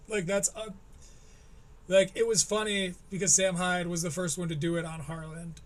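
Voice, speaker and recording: Male stream host, high voice, sarcastic play-by-play commentary with plenty of swearing. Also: little pitch movement, normal speed. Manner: sarcastic, profane, mocking. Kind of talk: live-stream commentary on a clip.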